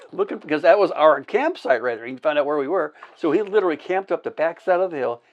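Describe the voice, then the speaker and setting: On an indoor podcast set, a man tells animated stories in casual chat, acting out sound effects, shouting quoted lines, laughing and swearing freely while often restarting sentences. His voice is on the high side and quick, and the recording is muffled.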